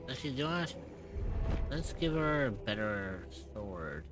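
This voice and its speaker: A man's voice: medium pitch, sing-song, takes it slowly. A man streaming a video game, chatting casually to himself and swearing often, with game music behind him. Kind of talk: casual live-stream gaming chat.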